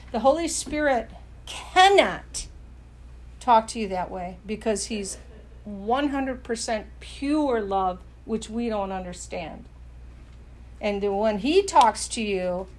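Earnest woman preaching casually. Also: a little high. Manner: earnest, conversational, frequent restarts and "you know".

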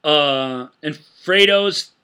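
A man co-hosting a film podcast, retelling movie scenes in an animated way and laughing often. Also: on the high side, very slow, clean tone. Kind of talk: casual film discussion.

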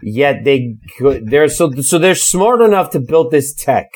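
A man's voice: on the high side, big pitch swings, a little slow, a little mellow. A man co-hosting a podcast in casual chat, talking in a laid-back way with plenty of filler words. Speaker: podcast co-host.

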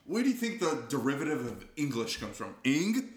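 A man's voice: a little high, very animated, brisk, roomy sound. A young man co-hosting a podcast, joking around in casual chat and laughing often. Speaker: podcast co-host.

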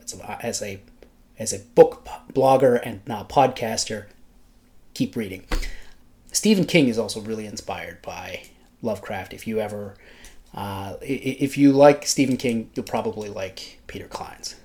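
A man's voice: fairly low pitch, lively intonation, unhurried, dark tone. A man with a nasal voice, co-hosting a casual book podcast, talking with frequent fillers and restarts. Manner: hesitant, many fillers and restarts. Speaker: podcast co-host, book blogger.

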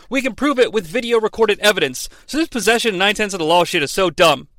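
A man's voice: sits high, fast, few pauses, fairly bright tone, no echo. A man hosting a comedic recap, sarcastic and profane, dropping into exaggerated voices for quotes. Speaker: podcast host recapping wrestling.

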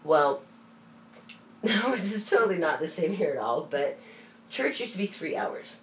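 A woman telling stories in casual chat, animated and quick to swear and laugh. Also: on the low side, distant mic. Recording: roomy, off-mic, faint hiss.

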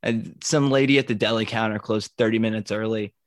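A man's voice: lowish voice, steady tone, fairly quick, no room sound. A man co-hosting a casual podcast, chiming in with wry quips and his own stories. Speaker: podcast co-host. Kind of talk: casual chat.

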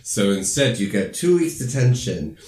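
A man casually recapping a film, rambling with lots of fillers and acting out lines in squeaky voices. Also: very animated, moderate pace, darkish tone, reverberant. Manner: rambling, filler-heavy storytelling; acts out quoted lines in high squeaky voices. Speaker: podcast co-host recapping a film. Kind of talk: casual chat.

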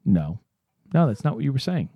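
A man co-hosting a tabletop game podcast, talking in casual banter, animated and mock-exasperated, swearing freely. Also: mid-range voice, a little fast, husky, dry recording, studio quality. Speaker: podcast co-host and game master.

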